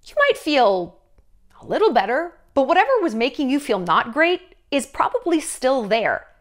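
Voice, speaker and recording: A woman vlogger in her thirties talks straight to camera in a fast, chatty rant. Her voice sits a little high, and she tosses in sarcastic asides, jumping from one point to the next. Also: sing-song. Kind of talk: casual opinion rant to camera.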